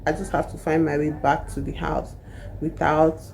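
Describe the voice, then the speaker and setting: A woman's voice: low voice, little pitch movement, normal speed, creaky, darkish tone, a little hiss or hum. A woman voicing a jealous, scheming middle-aged husband who mutters his inner thoughts. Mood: brooding.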